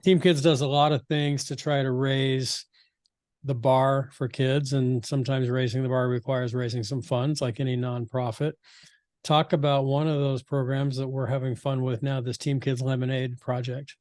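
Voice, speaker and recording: Flat-voiced male podcast host. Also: medium pitch, no echo. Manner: supportive, even, measured. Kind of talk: interview conversation.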